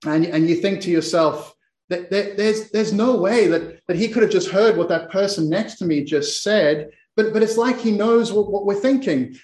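A man preaching a sermon, retelling a scripture scene, often repeating and restarting words and slowing down for emphasis. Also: high-pitched, reverberant.

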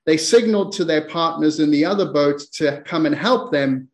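A man's voice: fairly high pitch, normal speed, echoey room. A man preaching a sermon, retelling a scripture story and often repeating words as he goes. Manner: repeats words while speaking, dramatic quoted lines.

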